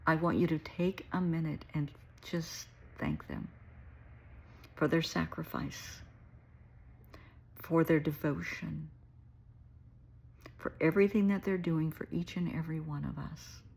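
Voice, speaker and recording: A woman's voice: low-pitched, lively intonation, a little slow, vocal fry, pauses often, breathy edge. A middle-aged woman, a therapist, talking straight to her viewers in an earnest, emotional and caring way. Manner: warm, earnest, emotional, addresses viewers as sweetheart. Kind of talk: heartfelt direct-to-camera talk.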